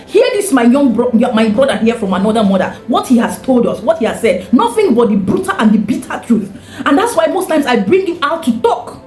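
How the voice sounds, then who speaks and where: A woman speaks with fiery condemnation in a high, animated voice. Her voice rings in an echoey room. Soft music plays behind her. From Nigeria. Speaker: commentator. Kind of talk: impassioned commentary.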